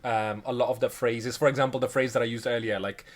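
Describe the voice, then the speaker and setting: A man's voice: medium pitch, fast talker. A young man co-hosting a podcast in casual chat, ranting animatedly and laughing. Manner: animated, laughing, incredulous rants. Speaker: podcast co-host.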